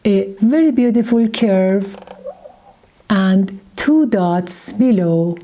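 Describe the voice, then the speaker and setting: A woman with a Persian accent teaching a beginner Persian lesson, speaking slowly and patiently and repeating each word. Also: mid-range voice, lively intonation, dark tone. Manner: slow, patient, repeats words and letter names. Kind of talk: slow beginner language lesson.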